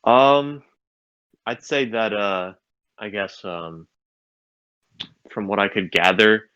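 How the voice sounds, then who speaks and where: Brief: male judge, lowish voice, stumbling delivery, dull lo-fi dry mic. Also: expressive, takes it slowly, a bit bright, clean tone, no room sound. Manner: stumbling, stuttering, searching for words. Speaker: debate judge. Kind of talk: casual online debate.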